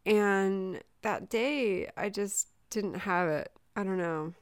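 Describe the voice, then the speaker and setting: A woman's voice: medium pitch, slow, clean tone, no echo, studio quality. A woman in her forties, a mother from Southern California, telling a personal story in a candid, emotional way with many fillers in a casual chat.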